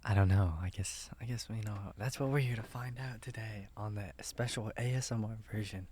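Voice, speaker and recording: A man's voice: fairly low pitch, brisk, a little mellow, slight background noise. A young man co-hosting a podcast in whispered role-play, playful and unsure of himself. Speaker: podcast co-host.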